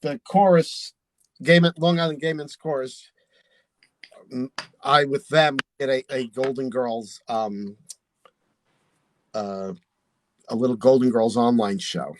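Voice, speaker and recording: A man's voice: medium pitch, steady tone, takes it slowly, pauses often, no echo, poor audio. A man, a drag performer and channel host, chatting casually while doing makeup and laughing often.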